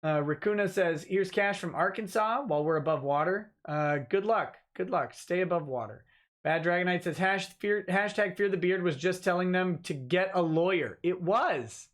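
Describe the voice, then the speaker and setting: Male lawyer host, high-pitched, casual livestream chat, dry short answers. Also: normal speed, fairly bright tone. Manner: dry, offhand replies to chat. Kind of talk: casual livestream chat reading viewer comments.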